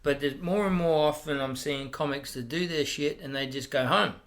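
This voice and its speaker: Brash aussie comic guy, gravelly and bright, swears a lot, acts out the voices. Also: a little high, moderate pace. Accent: Australian. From Australia. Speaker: stand-up comedian guest. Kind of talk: casual storytelling.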